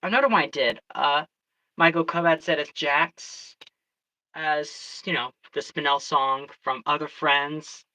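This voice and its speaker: A storyteller chatting casually on a livestream, excitable and rambling, often restarting sentences. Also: medium pitch, measured pace, low-quality recording.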